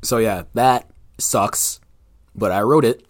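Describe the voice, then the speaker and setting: A man's voice: lowish voice, slow, no room sound, studio quality. A young man, a book's author, chatting casually as a podcast guest and acting out scenes from his story.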